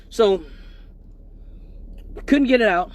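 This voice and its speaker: Male live-stream host, high-pitched, profane and laughing, casual storytelling. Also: animated, a little fast.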